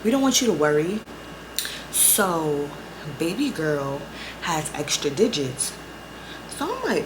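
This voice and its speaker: A young woman vlogger telling a story in a casual, profane, animated way, acting out both sides of the conversations. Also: sits low, unhurried, noisy background. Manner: profane, animated storytelling with quoted back-and-forth.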